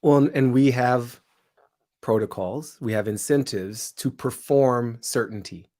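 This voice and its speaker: A man speaking as an interview guest, reflective and thoughtful, with quick asides and frequent laughs. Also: mid-range voice, a little mellow. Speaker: guest, comedian and show host.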